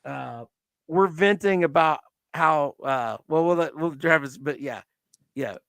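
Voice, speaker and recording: A man co-hosting a casual reaction chat, eager and talking in quick bursts with restarts. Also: fairly high pitch, gravelly, a bit bright, dry recording. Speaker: podcast co-host.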